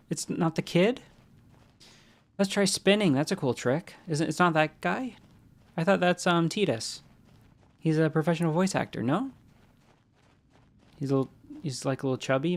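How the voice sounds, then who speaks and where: Gravelly man chatting on a game stream. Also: a little high, moderate pace, long pauses. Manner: rambling, answers chat, jokey asides. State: stuffy nose from allergies. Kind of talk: casual live-stream chat while playing.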